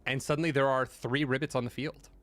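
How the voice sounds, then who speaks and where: A man narrating as game master, animated and laughing, with many fillers. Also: medium pitch, quick pace, no room sound.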